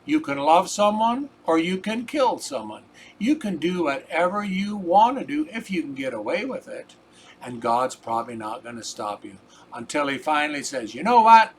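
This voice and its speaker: A man's voice: fairly high pitch, lively intonation, normal speed, a little hiss or hum. An older man telling a personal story in a casual, rambling, folksy way, repeating "I says" and turning earnest and preachy about faith.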